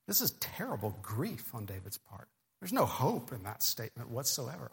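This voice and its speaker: Preacher with a long hall echo. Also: male voice, medium pitch, big pitch swings, vocal fry, fairly bright tone. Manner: earnest, measured reading of scripture. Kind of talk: sermon.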